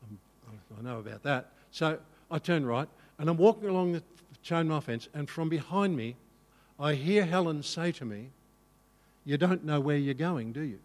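A male pastor telling a personal story in a sermon, animated and self-mocking. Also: fairly high pitch, normal speed, big-room sound.

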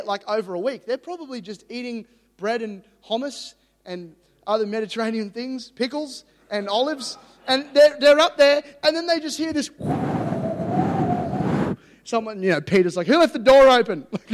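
High-voiced preacher in a reverberant hall. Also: male voice. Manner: energetic, jokey, excitable preaching. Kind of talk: sermon.

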